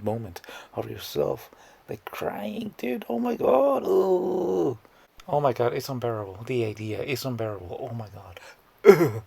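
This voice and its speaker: A man's voice: mid-range voice, vocal fry, darkish tone. A man giving scornful, blunt reaction commentary, often stammering and repeating words. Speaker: commentary YouTuber.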